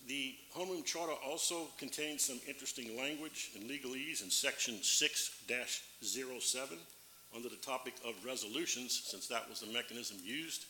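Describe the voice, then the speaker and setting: A man serving as a parish councilman gives a formal floor speech, pausing often and reading legal text aloud slowly. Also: mid-range voice, pushed and bright. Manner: halting, reads legal text aloud slowly with many fillers. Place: council chamber. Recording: echoey meeting room with faint background hum.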